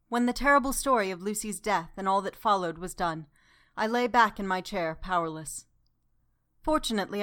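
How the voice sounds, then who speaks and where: Woman calmly narrating a classic novel. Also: medium pitch. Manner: calm, measured reading. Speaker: audiobook narrator. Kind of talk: scripted literary narration.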